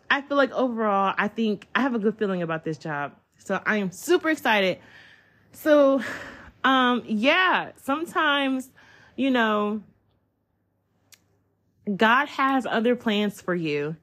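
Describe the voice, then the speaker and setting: A woman, hosting a podcast from home and telling a personal story in a chatty, excitable way. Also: on the high side. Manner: chatty, excitable, addresses listeners as y'all. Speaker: podcast host. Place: at home, child in the room.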